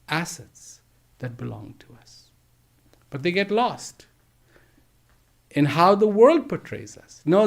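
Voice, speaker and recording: A man giving a slow storytelling talk to teachers, gentle and emphatic, with repeated phrases and pauses. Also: high voice. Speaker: speaker addressing teachers. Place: live online address.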